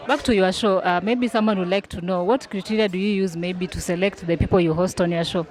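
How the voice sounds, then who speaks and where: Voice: mid-range voice, fairly even intonation, brisk. An interviewer asking polite, prompting questions in a casual interview. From Kenya.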